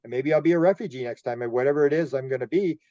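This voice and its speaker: A man from Canada, a UFO investigator being interviewed, telling animated stories, laughing often and acting out quotes. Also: mid-range voice, rapid-fire, dry recording, highs cut off. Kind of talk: casual interview storytelling.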